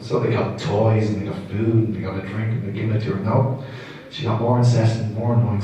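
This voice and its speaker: A man's voice: mid-range voice, brisk. A man, a father of the bride telling funny family stories in a wedding speech, laughing through his punchlines. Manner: warm storytelling with laughing asides. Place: wedding reception hall. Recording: echoey hall from far off with faint room noise.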